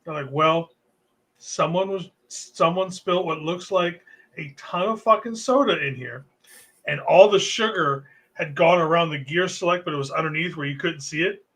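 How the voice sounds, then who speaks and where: A man on a casual home sports podcast tells a rambling story with plenty of swearing. His voice sits a little high and rings bright. He talks loose and laid-back, like he's among friends. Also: normal speed. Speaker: podcast co-host.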